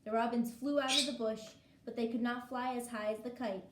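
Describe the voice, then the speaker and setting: A woman gently reading a children's picture book aloud, in a clear storytelling manner. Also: fairly high pitch, steady tone, a little fast. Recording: echoey room with faint hiss.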